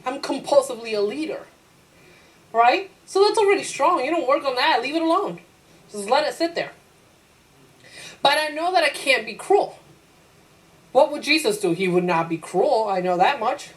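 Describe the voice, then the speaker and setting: Animated woman teacher lecturing a class. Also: sits high, rough recording. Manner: lively, acts out her own inner voice in quotes; laughs easily, asks the class rhetorical questions.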